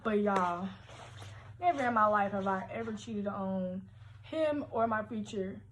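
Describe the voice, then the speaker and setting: A young woman telling a story from her teens on a casual livestream, animated, slangy and full of profanity. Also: mid-range voice, measured pace, a little hiss or hum.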